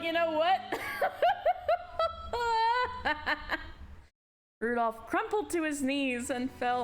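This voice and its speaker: Woman, streamer, very high voice, slow unhurried delivery, swearing casual reactions, game music behind. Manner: animated, profane casual commentary. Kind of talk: live game playthrough, reading text aloud and reacting.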